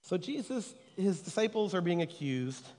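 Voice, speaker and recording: A man gives a casual, conversational sermon, teasing his listeners and checking in with them constantly. His voice sits a little high and swings widely in pitch. The sound trails off into the long reverb of a large hall. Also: big pitch swings, moderate pace, darkish tone. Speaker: preacher.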